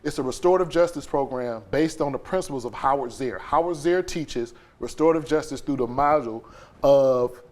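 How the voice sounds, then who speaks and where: Talking fairly quickly in a mid-range voice, a man on a podcast as a guest relates an emotional episode from his life. Animated, he dramatizes scenes with character voices and sound effects.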